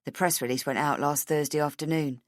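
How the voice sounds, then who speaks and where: A calm middle-aged male boss, as a female audiobook reader puts him on, speaking low and measured. He states things plainly and moves on. The recording is close and dry. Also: no echo, close to an everyday voice. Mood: matter-of-fact.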